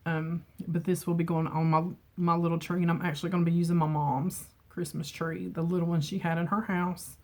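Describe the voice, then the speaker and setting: A middle-aged woman talks casually to her camera at home, chatty and openly emotional, laughing easily. Her voice sits slightly low for a woman. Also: little pitch movement, a little fast, hardly any pauses, a little mellow. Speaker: beauty vlogger. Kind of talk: casual chat. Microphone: camera mic with ring light.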